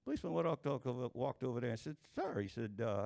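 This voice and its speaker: Gravelly joke-telling man. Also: mid-range voice, wildly swooping pitch, darkish tone. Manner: chuckles through his own punchlines, unhurried drawl. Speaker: stand-up storyteller. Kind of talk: folksy joke-telling before a live audience.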